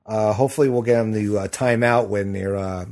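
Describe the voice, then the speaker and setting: A man's voice: fairly low pitch, steady tone, brisk, darkish tone. A middle-aged man hosting a podcast in casual chat, rambling with lots of fillers and restarts. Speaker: podcast host.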